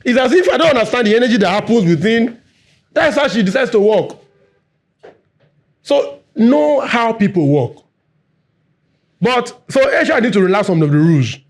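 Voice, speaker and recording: Male workshop trainer, fast-talking, high-pitched, audience-engaging. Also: lively intonation. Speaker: workshop facilitator. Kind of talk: live workplace training talk.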